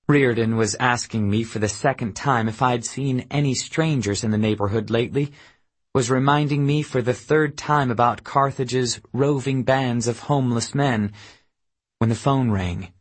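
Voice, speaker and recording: Slow, husky male audiobook narrator. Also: medium pitch. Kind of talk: scripted first-person narration.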